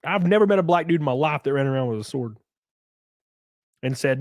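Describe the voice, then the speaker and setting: A man's voice: on the high side, expressive, a little fast, no room sound. A man with a Southern US accent chatting casually on a live stream, reading chat aloud, swearing freely and laughing often.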